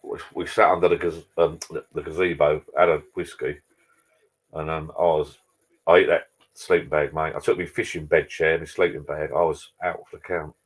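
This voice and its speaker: A man hosts a relaxed live stream from his home bar, speaking into a laptop. His voice sits very low. He drifts from story to story and calls out to viewers by name. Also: normal speed. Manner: chatty, rambling, greets viewers by name. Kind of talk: casual live chat with viewers.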